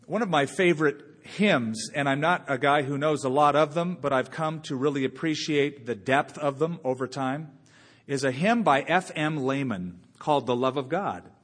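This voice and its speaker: A man preaching a sermon as a pastor, conversational and unhurried, with long dramatic pauses. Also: fairly high pitch. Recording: long church reverb.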